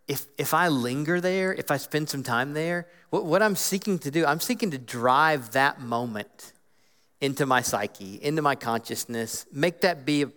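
A man giving an earnest, animated teaching talk about Bible reading, acting out inner voices as he goes. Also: on the high side. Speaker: guest speaker on Scripture. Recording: long hall reverb.

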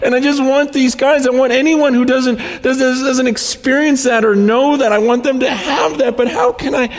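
A man's voice: extremely high pitch, steady tone, normal speed, in a large hall. A man in his forties giving a sermon as a guest speaker, earnest and emotional, often repeating words as he talks. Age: 40s.

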